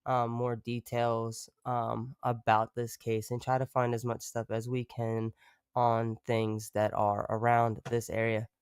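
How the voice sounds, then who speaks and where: A man's voice: medium pitch, clean tone, dry recording, clean studio sound. A man streaming live, chatting casually and rambling, swearing freely and breaking off to talk to his dog.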